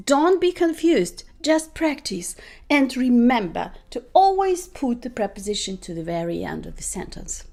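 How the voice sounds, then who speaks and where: Woman teacher explaining grammar slow, keeps asking okay? yeah?, high voice that bounces around. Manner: explains slowly with many checks like "okay?" and "yeah?". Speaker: English teacher. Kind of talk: podcast grammar lesson.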